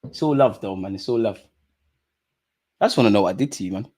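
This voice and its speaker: A man's voice: lowish voice, fast talker, darkish tone. A young man with a London accent hosting a live football watch-along. He chats and banters with viewers in slang-heavy, playful talk. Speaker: streamer host.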